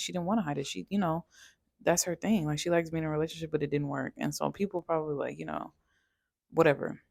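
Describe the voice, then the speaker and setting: A woman in her twenties or so talks her way through an astrology reading in a relaxed, rambling way. Her speech is full of slang and she addresses the viewer directly. Her voice sits low, with a gravelly, fry-heavy edge. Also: dry recording, clean studio sound. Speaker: astrology tarot reader. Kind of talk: casual astrology reading to camera.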